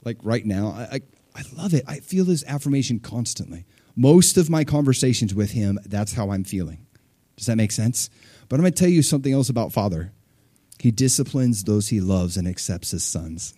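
Animated male pastor, dry sound. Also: normal speed, husky, dry recording. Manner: animated, acts out voices of people and God with sudden pitch jumps. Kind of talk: sermon.

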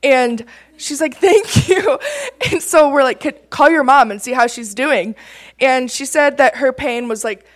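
A young woman from Michigan telling a personal testimony story, laughing often and getting excited as she talks. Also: sits high, moderate pace. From Michigan, USA. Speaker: campus ministry team member.

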